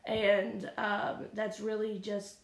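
A woman's voice: medium pitch, monotone, takes it slowly, creaky, a loud crowd. A woman co-hosting a podcast, talking casually about church with fillers and restarts. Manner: rambling, many fillers and restarts. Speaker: podcast co-host. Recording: echoey room, faint noise.

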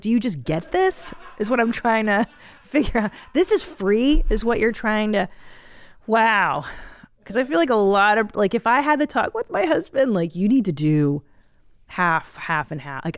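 A woman's voice: medium pitch, no echo. Candid middle-aged woman podcast host. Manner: candid, animated, profane, laughs often. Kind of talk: casual podcast chat, reading a listener email.

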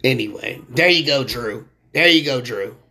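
Excitable man ranting about sports. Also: mid-range voice, normal speed, vocal fry, slightly rough. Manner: animated, slangy, excitable when ranting. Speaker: sports podcast host. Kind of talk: casual sports talk.

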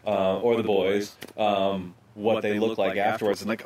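A man's voice: lowish voice, little pitch movement, normal speed, a little mellow, far from the mic. A man hosting a podcast outdoors at his house, rambling in a casual way with plenty of fillers. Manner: rambling, conversational, many fillers. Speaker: podcast host, photographer.

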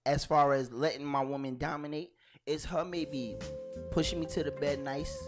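A man's voice: fairly high pitch, normal speed, over music. A man with a New York accent, co-hosting a casual reaction chat and joking a lot. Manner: animated, joking, laughs often. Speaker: podcast co-host.

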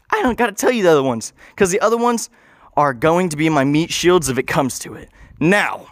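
A man's voice: fairly high pitch, fairly bright tone. A young man telling a goofy, rambling improvised story, interrupting and correcting himself as he goes.

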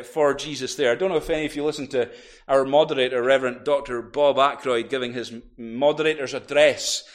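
A man preaching a sermon in church, animated and building to loud cries as he quotes. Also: mid-range voice. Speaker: minister.

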